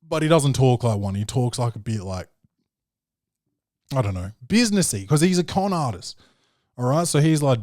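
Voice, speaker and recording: A man's voice: medium pitch, lively intonation, normal speed, pauses often, darkish tone, no room sound, studio quality. A man with an Australian accent hosting a podcast, telling a story in a loose, rambling way, full of fillers and swearing. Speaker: podcast host. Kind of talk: casual podcast monologue.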